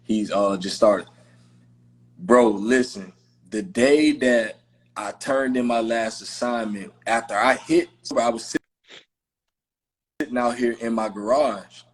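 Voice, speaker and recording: A man's voice: medium pitch, slow pace, long pauses, husky. A man hosting a podcast in casual conversation, talking in an emphatic, heartfelt way with lots of slangy fillers. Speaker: podcast host.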